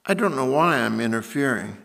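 A man voicing a blunt, solemn middle-aged German doctor who speaks English haltingly, with slips and broken grammar. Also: mid-range voice, expressive, vocal fry, a bit bright.

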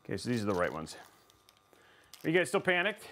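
A man's voice: medium pitch, wildly swooping pitch, brisk, a bit bright. A man live-streaming a PC build, talking to his chat in a playful, rambling way and teasing them.

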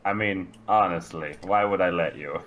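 A man's voice: low voice, normal speed, a bit bright, a little hiss or hum. A man trash-talking and joking crudely with his friend during casual co-op gameplay commentary. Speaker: gaming host.

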